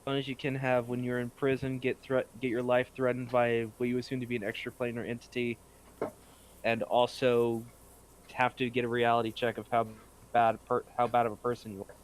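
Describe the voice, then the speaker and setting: A man's voice: mid-range voice, completely flat delivery, brisk, a little hiss or hum. A man chatting casually after a tabletop game stream, joking and rambling as a player and game master.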